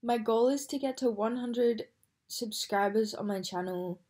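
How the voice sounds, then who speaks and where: A woman's voice: a little high, unhurried, darkish tone. A young woman talking directly to her viewers in a chatty, rambling vlog intro. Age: young adult. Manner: chatty, rambling, self-correcting. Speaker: vlogger. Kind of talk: direct-to-camera vlog talk.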